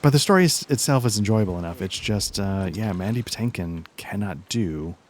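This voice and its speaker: A man's voice: on the low side, expressive, brisk, slight background noise. A man hosting a let's play, chatting casually and rambling through self-deprecating asides while he games. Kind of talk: casual commentary while gaming.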